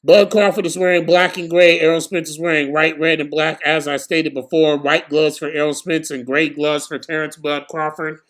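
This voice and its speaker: A young man giving casual, slangy live commentary on a boxing match for his stream, excitable and prone to bursts of shouting. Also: fairly high pitch, normal speed, hardly any pauses.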